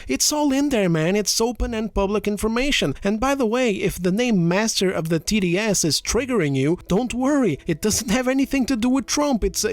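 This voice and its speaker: A man, a gaming commentator, answering his critics in a heated rant full of rhetorical questions and swearing. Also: high-pitched. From outside the United States. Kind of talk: ranting response to critics.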